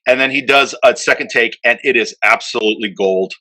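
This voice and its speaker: A man hosting a podcast, casually telling an animated anecdote full of fillers. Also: medium pitch, a little fast, rough recording. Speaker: podcast host. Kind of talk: casual storytelling chat.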